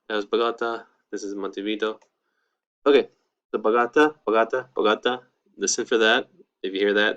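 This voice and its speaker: A young man in his twenties gives a relaxed online language lesson and keeps saying "all right, cool" between points. His voice sits on the low side. The recording sounds slightly dull and lo-fi. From United States. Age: 20s. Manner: casual, upbeat, peppered with "all right, cool". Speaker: Spanish teacher.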